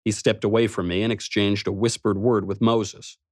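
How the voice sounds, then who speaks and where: A man's voice: fairly low pitch, flat delivery, normal speed, a little mellow, no echo, studio quality. A man narrating a first-person story in a wry, snarky manner. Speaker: audiobook narrator.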